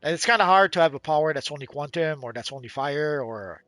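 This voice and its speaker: A man's voice: a little high, animated, quick pace, fairly bright tone, dry recording. A man co-hosting a game livestream, chatting casually and rambling, hedging with lots of uhs and restarts.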